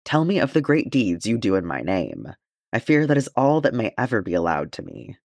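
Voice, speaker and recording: A man's voice: lowish voice, big pitch swings, brisk, no room sound, clean studio sound. A man reading the part of a stern young warrior noblewoman in an audiobook, terse and stiff.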